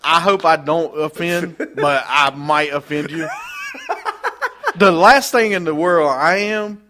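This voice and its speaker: A man's voice: a little high, takes it slowly. A man from North Carolina with a slight Southern twang, co-hosting a casual wrestling chat and making emphatic points. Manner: emphatic, lively, laughing protests. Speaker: podcast co-host.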